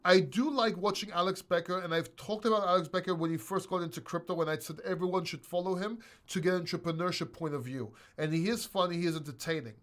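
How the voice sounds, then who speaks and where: Crypto stream host, man, slightly high voice, blunt and rambling with casual swearing. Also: quick pace, few pauses, fairly bright tone. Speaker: crypto channel host answering questions. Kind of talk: casual livestream Q&A.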